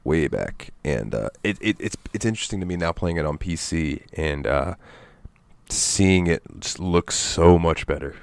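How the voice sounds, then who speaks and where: A deep-voiced man rambling through a casual gaming podcast chat, full of fillers and offhand swearing. His low voice sits dry and close, with no room sound around it. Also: lively intonation, normal speed, dry recording. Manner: rambling, loose, swears freely, many fillers. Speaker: podcast co-host.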